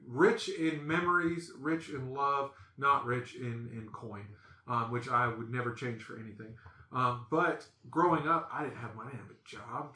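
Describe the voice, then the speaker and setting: A man hosting a podcast, telling stories in a casual, animated way and acting out the voices in them. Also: medium pitch, echoey room. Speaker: podcast host. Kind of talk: casual storytelling chat.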